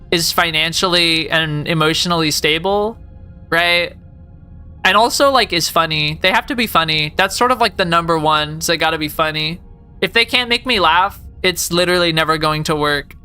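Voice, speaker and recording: A woman in her late twenties rambles through silly stories on a live game stream, sprinkling "like" everywhere and playing up the jokes. Her voice is bright and sharp. Faint music plays under her. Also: on the low side. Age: late 20s. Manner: rambling, jokey, heavy use of "like". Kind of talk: casual live-stream chat.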